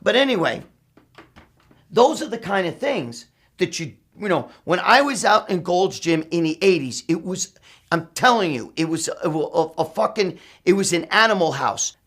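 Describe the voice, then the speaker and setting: Husky, high-voiced New man swearing. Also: moderate pace. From New York. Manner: swears constantly, rambling, animated. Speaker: storyteller. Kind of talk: profane casual storytelling.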